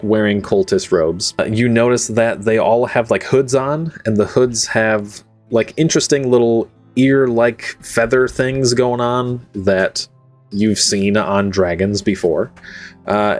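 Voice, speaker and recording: A young man running a tabletop game as game master, narrating casually at home into his own microphone, rambling with lots of "like" and "um" and laughing easily. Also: mid-range voice.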